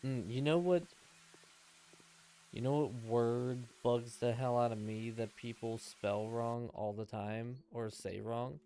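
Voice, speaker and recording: A man's voice: mid-range voice, fairly even intonation, slow, mellow, slight background noise. A man streaming himself playing a game, chatting casually and rambling in answer to his chat. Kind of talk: casual gameplay commentary.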